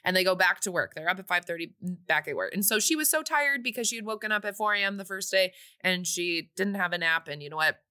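Bright chatty young woman recapping a film. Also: lowish voice, animated, fast talker, few pauses. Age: 20s. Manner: chatty, acts out characters' lines, laughs often. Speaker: podcast co-host. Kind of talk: casual movie recap.

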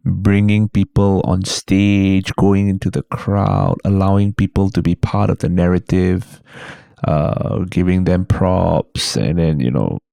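Male comedian, 30s, Singaporean English, deep and gravelly, lively anecdotal delivery. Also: takes it slowly, dry recording, clean studio sound. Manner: animated storyteller, slips into put-on voices. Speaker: guest comedian. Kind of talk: casual podcast chat.

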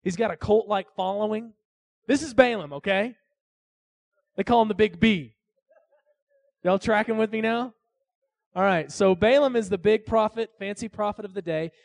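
Joking preacher with a gravelly voice. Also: male voice, high voice, normal speed, long pauses, no echo, clean studio sound. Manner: casual, joking storytelling with asides to listeners. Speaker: pastor. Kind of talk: sermon.

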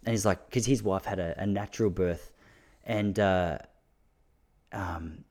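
A young Australian man talking casually to his listeners, self-mocking and quick to laugh, with lots of restarts. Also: sits low, a little mellow.

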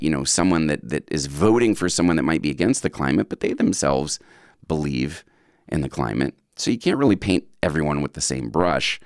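A man with a very deep, gravelly voice hosts a radio show, and his pitch rises and falls in a lively way. He talks casually and quizzes listeners with rhetorical questions. The studio sound is close and dry. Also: dry recording. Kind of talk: casual radio talk with a quiz.

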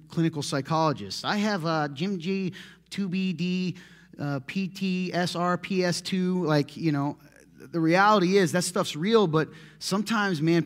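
A male pastor giving a relaxed, conversational sermon. He tells stories with animation and pokes fun at himself, laughing often. His voice sits a little higher than most men's. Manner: animated storytelling, self-deprecating, laughs often.

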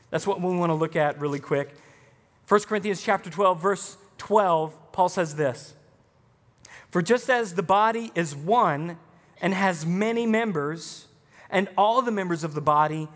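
High-pitched guy preaching, emphatic, sounds like a big echoey church. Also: a bit bright. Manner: emphatic preaching with rising, punchy lines. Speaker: pastor. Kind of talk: sermon. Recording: long hall reverb.

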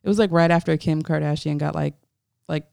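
Gravelly-voiced young woman telling stories. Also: low voice, fairly quick, no room sound, clean studio sound. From Florida. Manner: animated, acts out quoted voices, many "like" fillers. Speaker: photographer guest. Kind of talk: casual interview storytelling.

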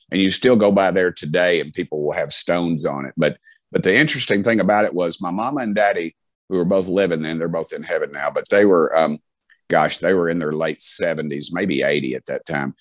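A man's voice: low voice, fairly quick, no room sound. A middle-aged man with a Southern US accent, telling folksy stories as an interview guest, with many restarts and fillers. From Tennessee. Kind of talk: casual storytelling.

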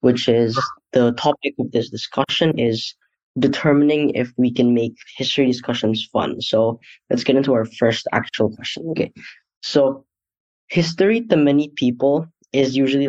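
A man's voice: mid-range voice, darkish tone. A teenage boy hosting a student podcast, speaking casually and loosely, often reaching for words with fillers. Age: teens. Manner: loose, searching phrasing with many "like" fillers. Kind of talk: casual interview. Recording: dull lo-fi audio.

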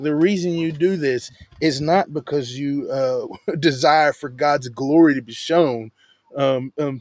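A man's voice: a little high, a little mellow, no room sound. Casual, emphatic man teaching scripture. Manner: conversational and emphatic, slangy asides. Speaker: Bible teacher. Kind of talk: casual verse-by-verse Bible teaching.

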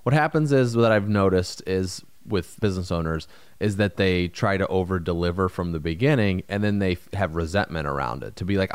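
A man in his thirties co-hosting a podcast, talking casually and giving advice with quick asides. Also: low-pitched, clear, resonant tone, no room sound. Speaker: podcast co-host. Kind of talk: casual chat.

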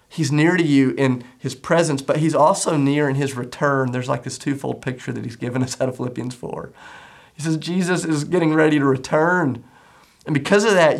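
A man's voice: on the high side, normal speed, vocal fry. A middle-aged man, a pastor, preaching a sermon in an earnest, conversational way, often repeating phrases for emphasis.

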